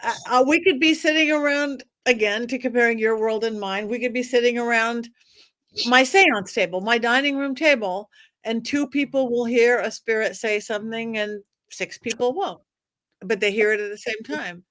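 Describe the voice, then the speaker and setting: A woman's voice: on the high side, moderate pace, fairly bright tone, dry recording. A woman guest on a podcast, speaking casually and enthusiastically, rambling through ideas and plans. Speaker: psychic guest.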